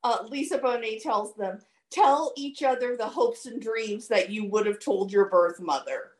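A woman's voice: fairly high pitch, unhurried. A woman co-hosting a casual podcast chat, mostly chiming in with short reactions and laughing along. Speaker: podcast co-host.

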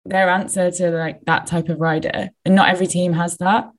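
A woman's voice: fairly low pitch, little pitch movement, fairly quick. A woman co-hosting a podcast, rambling through an anecdote in a casual, self-mocking way.

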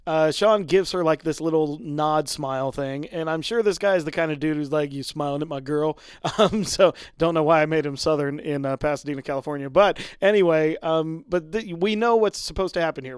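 A man co-hosting a podcast, chatting casually about a TV episode, animated and laughing often as he acts out the characters' lines. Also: on the high side, brisk, hardly any pauses, clean tone, no echo, clean studio sound. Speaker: podcast co-host. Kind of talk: casual chat recapping a TV episode.

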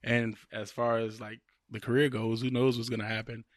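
A man talking casually as a podcast guest, relaxed and hesitant with frequent ums. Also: medium pitch, moderate pace, no echo, clean studio sound. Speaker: guest musician and actor. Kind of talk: casual interview chat.

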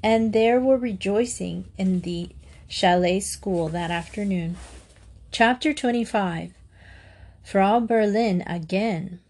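A woman reading a classic children's novel aloud in measured, steady narration. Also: mid-range voice. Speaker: audiobook reader. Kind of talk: scripted narration.

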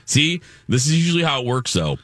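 A man's voice: mid-range voice, fairly quick, no echo, clean studio sound. A man hosting a morning radio talk show, upbeat and playful. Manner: upbeat, playful, lively delivery. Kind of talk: casual morning radio banter.

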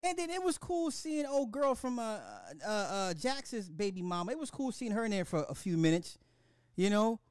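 A man hosting a podcast in casual chat, animated and slangy, with lots of restarts and swearing. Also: high voice, smooth, no echo, studio quality. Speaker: podcast host.

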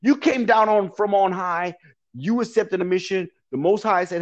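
A man with a notably high voice talks through life advice as an interview guest. He is earnest and repetitive, with a preacherly lilt and frequent laughter. The sound is dull and lo-fi. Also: moderate pace. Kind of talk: motivational talk in an interview.

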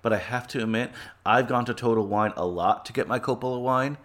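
A man's voice: medium pitch, a little fast, a bit bright. A man co-hosting a podcast in casual chat, joking and rambling through mock sponsor plugs. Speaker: podcast co-host.

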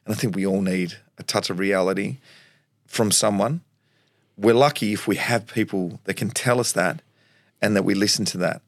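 An Australian man in his forties from Tasmania, a former footballer telling animated stories in an interview, laughing often and acting out what people said. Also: on the low side, moderate pace, dry recording, clean studio sound. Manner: animated storyteller, acts out quotes, laughs often. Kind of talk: storytelling interview.

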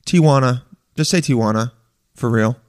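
A man delivering an animated, profane rant in a casual monologue, stammering and restarting often. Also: mid-range voice, normal speed. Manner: profane, exasperated, animated ranting.

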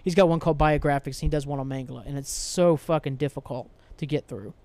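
A young man rants furiously and profanely on a podcast he hosts alone, sighing and restarting again and again as he rambles. He talks fast in a voice on the high side with a darkish tone, and there is no echo.

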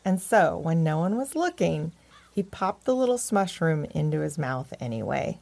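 A woman narrating a children's story in a gentle, expressive way. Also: sits low, normal speed, creaky.

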